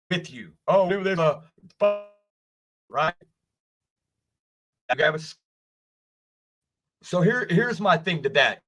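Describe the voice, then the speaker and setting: A man's voice: on the high side, bright, forceful tone. A man in his forties ranting angrily from his basement, swearing a lot and asking "right?" again and again. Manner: angry, swearing, repeating "right?". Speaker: wrestling streamer. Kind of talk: profane rant. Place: home basement.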